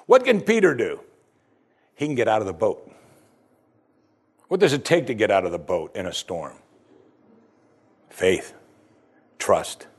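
A man's voice: on the low side, sing-song, a little slow, pauses often, breathy edge. A man preaching a sermon, reading scripture aloud with dramatic emphasis. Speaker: pastor.

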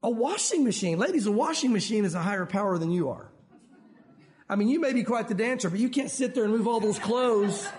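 A man preaching a sermon in a conversational, joking way, leaning on emphatic pauses to stress his points. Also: extremely high pitch, a little mellow. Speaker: pastor.

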